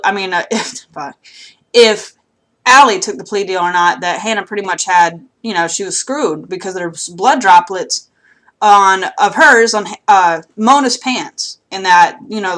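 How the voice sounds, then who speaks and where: A woman's voice: mid-range voice, a bit bright. A young woman casually recapping a TV episode outdoors, rambling and swearing, with lots of fillers. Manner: chatty, profane, rambling with many fillers. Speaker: TV recap vlogger.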